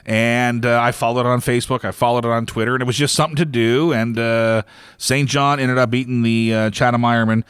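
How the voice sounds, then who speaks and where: A man hosts a casual sports podcast. His pitch sits in the middle for a man, and he rambles through stories with plenty of fillers and little laughs. The recording is dry and close. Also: level tone, a little fast, a bit bright, smooth, dry recording. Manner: rambling storyteller, many fillers and chuckles. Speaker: podcast host.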